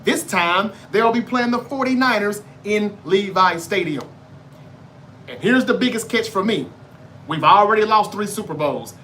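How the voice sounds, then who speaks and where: High-voiced guy hosting a sports show, cocky and cussing, bright sharp tone, little background hum. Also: expressive, a little slow. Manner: brash, profane, trash-talking fan banter. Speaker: sports debate show host. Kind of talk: casual sports predictions monologue.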